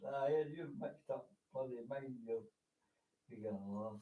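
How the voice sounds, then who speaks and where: A man's voice: medium pitch, normal speed, husky, narrow, tinny audio. A man off camera, bantering and teasing the host.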